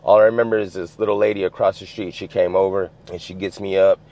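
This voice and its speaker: A man's voice: low voice, little pitch movement, fast talker, darkish tone. A man from the US West Coast telling a story in casual, streetwise slang, swearing freely and filling with "you know what I'm saying". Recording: dull lo-fi sound.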